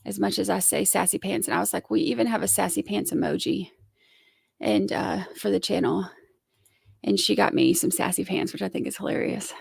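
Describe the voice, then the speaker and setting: Sick woman host, gravelly voice. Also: medium pitch, brisk, no room sound, studio quality. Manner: soft-spoken, frequent throat clearing. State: sick, scratchy throat. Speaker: livestream host. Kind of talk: casual livestream chat.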